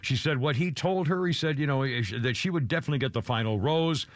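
A man's voice: mid-range voice, fast, dry recording. Older male host, chatty and wry, mocks himself, dry close sound. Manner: rambling, wry, self-deprecating, gossipy. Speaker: radio show host. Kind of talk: casual talk radio chat.

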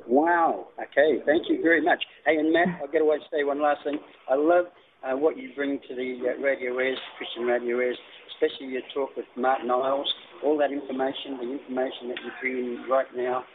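A man's voice: medium pitch, level tone, fairly quick. A man calling in to a radio show, earnest and rambling with repeated restarts. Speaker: caller. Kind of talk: casual radio call-in chat. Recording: tinny noisy phone line.

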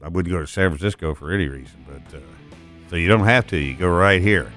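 A middle-aged man hosting a talk radio show, rambling and folksy with many filler pauses, on a studio broadcast mic. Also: deep voice, a bit bright, soft background music.

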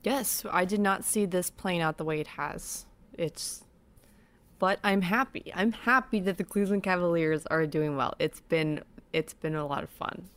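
A woman co-hosting a casual sports chat, relaxed and chatty, agreeing quickly. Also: lowish voice. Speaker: podcast co-host.

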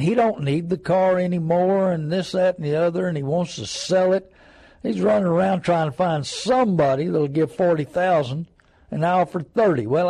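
A man's voice: on the high side, mellow, rough recording. An older man, hosting a call-in radio talk show in a folksy, rambling, storytelling manner.

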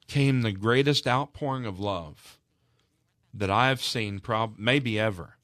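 A man's voice: on the low side, unhurried, fairly bright tone, no room sound, clean studio sound. A man speaking as a guest on a charity radio broadcast, telling a heartfelt story in an earnest, emotional way with frequent restarts.

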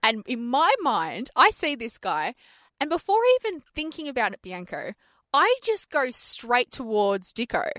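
A woman's voice: a little high, a little slow, no room sound, studio quality. A woman co-hosting a radio show, chatting casually and telling stories with lots of laughter. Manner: animated storyteller, laughs often. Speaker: radio co-host. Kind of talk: casual on-air banter.

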